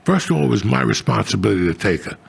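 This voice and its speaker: A middle-aged podcast host rattles off crude, rambling stories in rapid-fire fashion, his gravelly voice pitched fairly low. He swears freely and stays animated the whole time.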